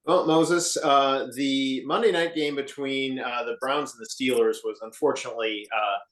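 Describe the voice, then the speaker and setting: A man co-hosting a sports fan podcast, giving the news segment in a dry, measured way with frequent pauses. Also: medium pitch, fairly even intonation, a bit bright. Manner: dry, measured, many uh fillers. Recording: echoey room.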